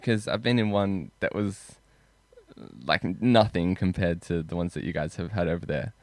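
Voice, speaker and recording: A man's voice: sits low, moderate pace, a little mellow, no room sound. A man co-hosting a podcast, asking curious questions in casual chat and swearing casually. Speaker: podcast co-host.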